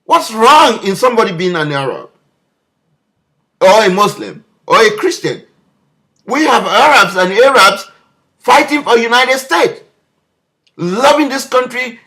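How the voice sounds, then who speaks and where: A man's voice: very high-pitched, expressive, measured pace, pauses often, bright, forceful tone. A man delivering an impassioned political video message, leaning on repeated rhetorical questions. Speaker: political commentator.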